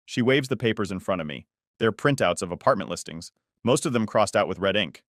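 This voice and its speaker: A man narrating a first-person family story in a steady, conversational way. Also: lowish voice, a little fast, no room sound, clean studio sound.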